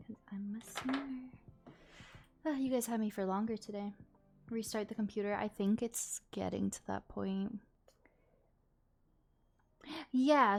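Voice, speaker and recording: A woman streaming live, chatting casually with viewers while fixing tech trouble. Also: mid-range voice.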